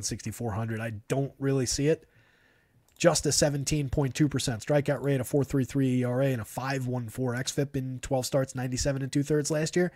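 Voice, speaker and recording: A man with a mid-pitched voice hosts a live fantasy baseball stream, rattling off percentages and launch angles. He gives frank, opinionated takes on players. The sound is close and dry, with no room echo. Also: mellow. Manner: rapid stat-heavy analysis, opinionated. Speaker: fantasy baseball analyst host. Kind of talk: live stream stat breakdown.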